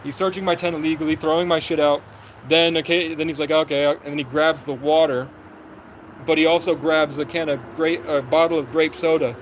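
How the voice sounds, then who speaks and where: A young man on a livestream, recounting events in an agitated, rapid way and acting out what people said. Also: on the high side, fairly even intonation, slight background noise, low-quality recording. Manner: agitated, rapid storytelling with reenacted quotes. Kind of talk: livestream monologue.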